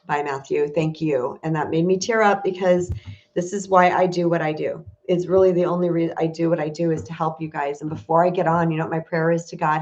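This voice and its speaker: Woman spiritual coach, confessional livestream delivery, lowish voice, muffled webcam sound. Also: steady tone, a little fast, darkish tone. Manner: candid, emotional, confessional. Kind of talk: casual livestream talk to viewers. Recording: dull lo-fi stream audio.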